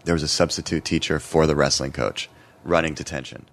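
A man's voice: rumbling low, fairly even intonation, brisk, creaky. A man in his forties telling a long story in casual podcast chat, laughing often and swearing freely.

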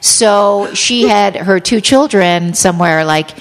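A woman's voice: mid-range voice, slow, long reverb tail. A woman guest on a podcast, an actress, telling candid, profane, self-deprecating stories with many fillers.

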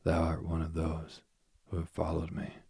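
A man's voice: a bass voice, completely flat delivery, normal speed, creaky, a little mellow, slightly rough, dry recording, studio quality, heavily acted. A man voicing a proud young man who scorns love, speaking coldly and curtly in a storybook reading.

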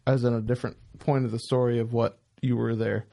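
A man, an army veteran, chatting quickly and offhand with old friends. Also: mid-range voice, little pitch movement, creaky, warm tone. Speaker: veteran guest.

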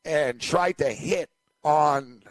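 Co-hosting a podcast, a man with a fairly high voice tells a long anecdote very slowly, rambling loosely and laughing along in a casual storytelling chat. There's no echo.

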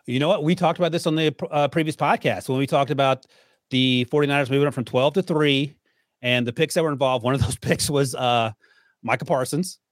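A man hosts a sports podcast at an even middle pitch, chatty and quick to laugh at himself. His voice sits close and dry on the mic, with no room sound at all. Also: no room sound. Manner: joking and laughing, walks through picks. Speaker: podcast host and draft analyst. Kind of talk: casual sports podcast chat.

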